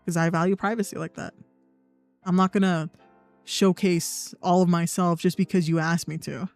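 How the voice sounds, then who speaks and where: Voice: mid-range voice, level tone, normal speed, no echo. A young adult livestreamer, in blunt, profane, sarcastic casual chat. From United States. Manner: sarcastic, mocking mimicry of others. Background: faint background music.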